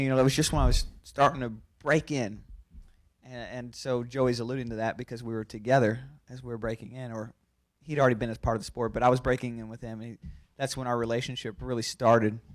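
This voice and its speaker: Speaking at medium pitch, a race car driver laughs his way through an animated story for the press, rapidly starting his sentences over.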